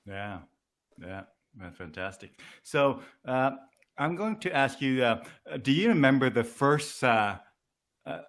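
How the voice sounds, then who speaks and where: A man's voice: medium pitch, lively intonation, slow pace, fairly bright tone. A man hosting an interview, asking questions hesitantly with many fillers. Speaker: interview host.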